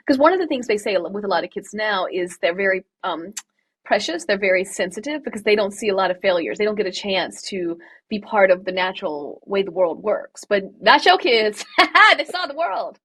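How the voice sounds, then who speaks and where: Breathy-voiced woman podcast host. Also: mid-range voice, a bit bright. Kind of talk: casual interview.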